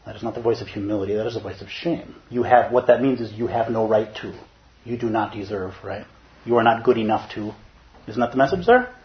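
A man giving a Zen dharma talk in an animated, playful way, at times putting on other voices. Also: fairly low pitch, a little fast, lo-fi sound. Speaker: Zen teacher.

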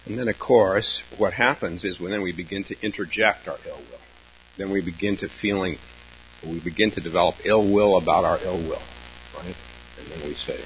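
Low-voiced man giving a slow Zen talk. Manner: slow, halting, reflective with pauses and soft laughs. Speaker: Zen teacher. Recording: dull lo-fi recording with faint hum.

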